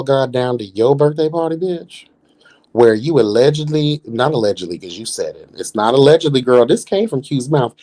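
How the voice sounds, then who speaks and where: A man with a mid-range voice hosts a live reality TV review stream. He roasts the cast in a sassy, profane way and keeps calling everyone "girl." He breaks into laughter between jabs. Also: mid-range voice. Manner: laughs often, animated roasting. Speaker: reality show commentator, host.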